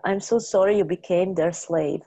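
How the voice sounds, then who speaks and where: A woman's voice: lowish voice, moderate pace, mellow, rough recording. A woman leading a guided healing session, chanting short words over and over and giving phrases for her guest to repeat. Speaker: spiritual healer.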